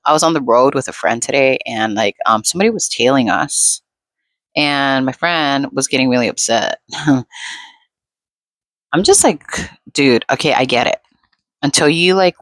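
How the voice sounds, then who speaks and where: A woman's voice: extremely low pitch, a bit bright, dry recording. A woman vlogger rambling in a laid-back, unscripted monologue, full of fillers.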